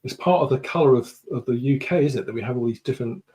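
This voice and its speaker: Male guest from the UK, mid-pitched, relaxed anecdotal delivery on a video call. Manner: chatty storytelling, unhurried. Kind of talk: casual conversation.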